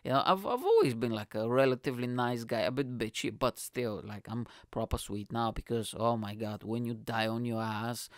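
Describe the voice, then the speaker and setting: A man who does stand-up tells a long, rambling story at his own expense, swearing casually and laughing at himself along the way. His voice sits at an ordinary middle pitch. The sound is dry and close, with no room around it. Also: normal speed, few pauses, no echo. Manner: rambling, self-mocking, swears freely. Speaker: stand-up comedian.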